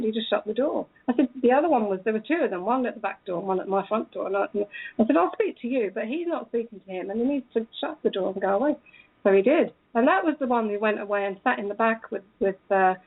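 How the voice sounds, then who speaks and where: A woman's voice: medium pitch, vocal fry, narrow, tinny audio. A woman telling a story in a casual way, acting out the lines of the people in it. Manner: animated, acts out quoted dialogue. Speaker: speaker recounting a police encounter.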